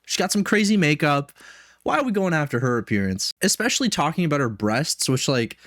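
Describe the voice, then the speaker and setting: A man's voice: fairly high pitch, very animated, brisk, a bit bright, no echo, studio quality. A man giving casual reaction commentary, rambling with lots of swearing and laughing asides. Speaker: commentary streamer.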